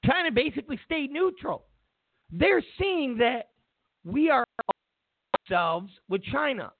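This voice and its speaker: A man's voice: very high voice, lively intonation, unhurried, gravelly, no echo. A man hosting a talk show, delivering a heated, mocking political monologue full of repeated phrases. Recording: tinny phone-like sound.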